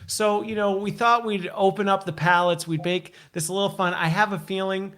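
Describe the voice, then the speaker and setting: A man's voice: high voice, fairly even intonation, normal speed, a bit bright. A man hosting a live online show, upbeat and playful, laughing often and teasing his guest. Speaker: host. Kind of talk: casual live show chat.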